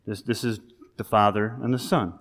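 A male pastor giving a sermon, talking in a conversational, animated way that rises into emphasis. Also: fairly low pitch, moderate pace. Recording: long reverb of a large hall.

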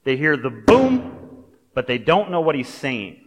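A man delivering a sermon in a relaxed, conversational manner, weaving in personal stories and side remarks. His voice sits at an ordinary middle pitch for a man. The recording carries the long reverb of a large church sanctuary. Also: unhurried. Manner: conversational, storytelling, with asides. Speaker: pastor.

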